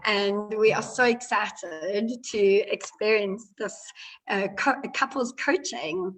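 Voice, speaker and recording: A woman hosting an online show, reading out a guest introduction in a measured manner. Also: mid-range voice, a bit bright, slight background noise, low-quality recording. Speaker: host.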